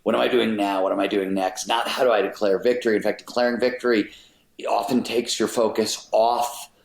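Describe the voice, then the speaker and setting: Low-voiced man, emphatic and explanatory. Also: fairly even intonation, a little fast, creaky. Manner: emphatic, explanatory, drops occasional swear words. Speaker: podcast guest, author. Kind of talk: casual interview talk. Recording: roomy echoey sound.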